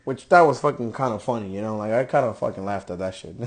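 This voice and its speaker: A man's voice: on the low side, quick pace. A man hosting a podcast, delivering a profane, exasperated rant reviewing a wrestling show. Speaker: podcast host.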